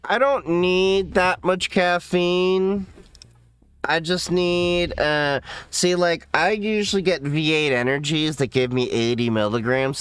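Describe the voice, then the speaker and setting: A man's voice: fairly high pitch, slow pace, a bit bright, smooth. A man hosting a casual livestream, rambling and swearing freely as he reacts to viewer chat from a home setup. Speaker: livestream host.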